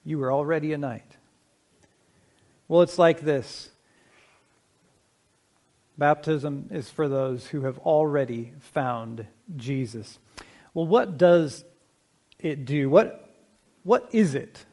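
A middle-aged man preaching a sermon as pastor, speaking in a measured, conversational way, slowing down to stress key points and asking the congregation questions. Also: a little high, a little mellow.

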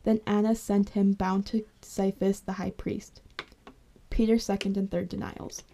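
A woman narrating a scripture passage in a steady, measured reading. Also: medium pitch. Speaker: scripture reader.

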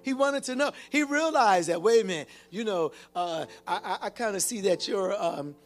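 A man's voice: high-pitched, animated, normal speed. A male pastor preaching a sermon with call-and-response, often repeating and restarting his phrases.

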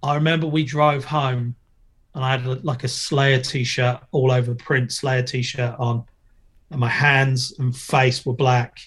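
A man's voice: medium pitch, little pitch movement, measured pace, fairly bright tone. A middle-aged man, a former skateboarder and TV presenter, chatting as a podcast guest, joking and telling stories with plenty of swearing. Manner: jokey, storytelling, swears freely. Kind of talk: casual podcast interview.

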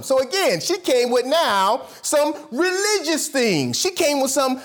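A pastor preaching a sermon to his church, swinging from loud, high bursts down to low murmurs. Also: sing-song, unhurried, few pauses.

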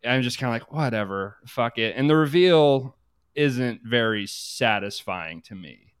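A man's voice: medium pitch, measured pace, clean tone, no echo, studio quality. A man co-hosting a casual podcast chat, rambling and swearing freely. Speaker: podcast co-host.

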